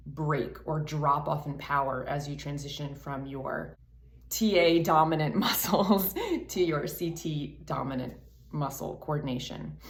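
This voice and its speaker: A woman's voice: sits low, roomy sound. A woman vocal coach explaining singing technique in a chatty way, her voice still froggy from the morning. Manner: explanatory, chatty, laughs between points. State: froggy morning voice, not warmed up. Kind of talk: singing lesson.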